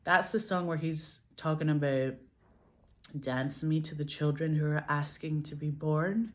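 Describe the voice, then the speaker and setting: A Scottish woman with a Glasgow accent chats casually as an interview guest, animated and laughing often, swearing and saying "like" a lot. Her voice sits low and she's unhurried.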